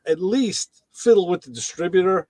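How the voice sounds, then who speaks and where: A man's voice: high-pitched, expressive, moderate pace, a little mellow, no room sound. A man chatting casually on a podcast, retelling TV episodes and acting out the characters' lines in raised voices. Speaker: podcast co-host.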